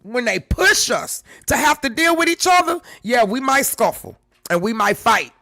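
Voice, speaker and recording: A man hosts a live stream, talking to his viewers in a high voice. His tone is bright and forceful. He stresses his points, says them again, and swears freely. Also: animated, normal speed, no room sound, studio quality. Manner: emphatic, repeats himself, swears freely. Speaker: livestream host.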